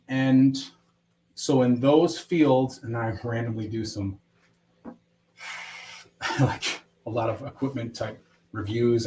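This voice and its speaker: A man's voice: medium pitch, a little mellow, slight background noise, poor audio. A man appearing as a guest on a livestream, talking loosely and rambling with many fillers. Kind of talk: casual livestream chat.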